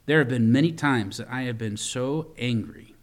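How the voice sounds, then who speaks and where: Man preaching with loud swings. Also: mid-range voice, moderate pace. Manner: storytelling preacher, swings from loud emphasis to quiet asides; repeats words and restarts lines while preaching. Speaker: pastor. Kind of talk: sermon.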